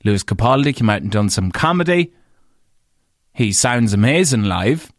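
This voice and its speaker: An Irish man hosting his own podcast tells stories in a loose, rambling monologue, swearing freely and jumping up in pitch when he stresses a point. His voice sits at an ordinary middle pitch for a man. The sound is dry and close, with no room in it. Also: normal speed, no echo. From Ireland. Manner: animated, swears freely, leaps up in pitch for emphasis. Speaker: podcast host and radio presenter. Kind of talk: casual storytelling monologue.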